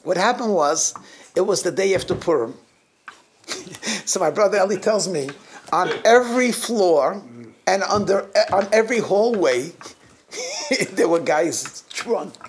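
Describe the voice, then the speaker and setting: A man's voice: high-pitched, lively intonation, unhurried, long pauses, a little hiss or hum. A middle-aged man, a rabbi, telling anecdotes to his congregation, often chuckling mid-sentence and restarting his phrases. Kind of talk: anecdotal holiday talk to a congregation.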